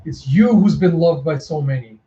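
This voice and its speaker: A desperate young woman full of guilt, pleading loudly, as a man reads her lines. The room echoes and the sound is slightly muffled. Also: on the high side, moderate pace, slight background noise, lightly acted. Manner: pleading, accusing.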